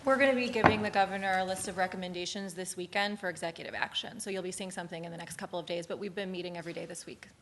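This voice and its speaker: A woman aide answering press questions in a brisk, matter-of-fact way. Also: fairly low pitch, steady tone, background noise. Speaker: senior aide at a press briefing. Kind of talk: briefing answers.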